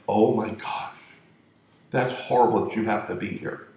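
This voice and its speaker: A man voicing a naive male angel who gushes and falls for a flattering woman. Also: lowish voice, measured pace, gravelly, very echoey. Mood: gushing.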